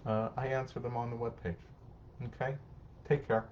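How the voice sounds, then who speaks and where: A man's voice: medium pitch, level tone, normal speed, lo-fi sound, a little hiss or hum. A middle-aged man, a social worker, giving casual parenting advice and answering viewer comments. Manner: warm, conversational, acts out short parent-child exchanges. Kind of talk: live-streamed advice talk reading comments.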